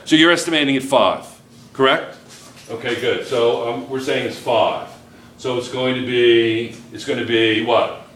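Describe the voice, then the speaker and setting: A male chemistry teacher lectures a class in a joking, lively way. He keeps checking in with the students as he goes. His voice sits mid-range, and faint noise from the classroom is heard behind him. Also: mid-range voice, measured pace.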